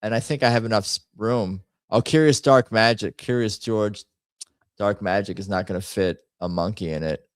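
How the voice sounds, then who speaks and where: A man's voice: lowish voice, normal speed, clear, resonant tone, no room sound. A man hosting a casual livestream, rambling and muttering to himself as he types up a poll. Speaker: host.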